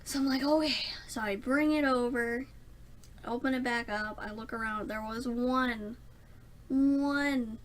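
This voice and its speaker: A woman's voice: fairly high pitch, steady tone, a little slow. A young woman rambling through a casual storytime vlog, self-mocking and laughing often. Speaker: vlogger.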